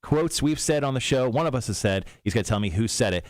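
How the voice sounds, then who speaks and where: A man's voice: mid-range voice, animated, fast talker, dry recording, studio quality. A man hosting a morning radio show, running a quiz and joking, often laughing at his own bits. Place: radio studio.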